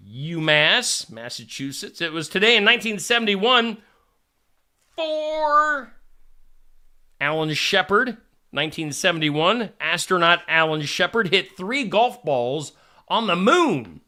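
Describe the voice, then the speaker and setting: A man's voice: fairly high pitch, pushed and bright. A man from Iowa, hosting a casual live stream and chatting in a jokey way as he greets viewers.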